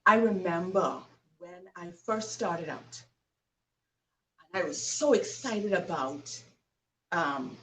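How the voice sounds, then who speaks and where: A woman host delivering a motivational talk, emphatic and preachy, often asking the listener questions. Her voice sits at a middle pitch and sounds a little away from the mic. A faint noise runs underneath. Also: fairly bright tone, far from the mic, poor audio.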